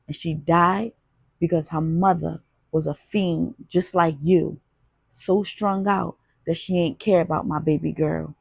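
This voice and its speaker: A hard, wary young street dealer who cusses bluntly and snaps in slang, as a woman reads him in an audiobook. The voice is gravelly and husky, set fairly low, and recorded close and dry with no room sound. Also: a little mellow, no room sound, heavily acted. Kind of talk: audiobook character voicing.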